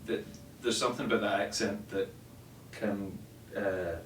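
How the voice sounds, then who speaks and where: A Scottish man joining a casual chat, speaking in a measured, thoughtful way. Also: lowish voice, fairly even intonation, slight background noise. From Scotland. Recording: roomy, distant from mic.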